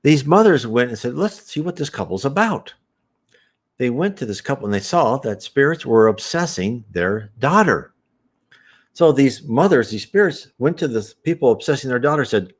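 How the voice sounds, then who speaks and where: A man's voice: mid-range voice, big pitch swings, normal speed. A man hosting a spiritist program, talking casually and rambling with many restarts. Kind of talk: casual spoken commentary.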